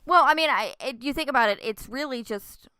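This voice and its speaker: Podcast co-host, woman, smooth clear voice, thoughtful and wry. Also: high-pitched, brisk, sharp tone, no room sound. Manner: thoughtful, analytical, dry jokes. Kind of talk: casual chat.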